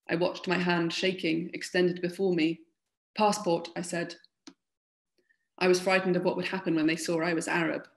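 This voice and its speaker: A woman author from London, reading her own literary fiction aloud in a measured way. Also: lowish voice, gravelly.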